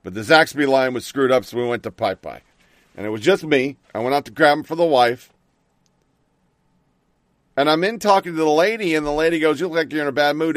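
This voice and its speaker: A man's voice: mid-range voice, no echo, studio quality. A middle-aged man hosting a talk show, ranting bluntly and angrily with plenty of swearing. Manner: angry, blunt and profane ranting. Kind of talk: opinionated talk radio monologue.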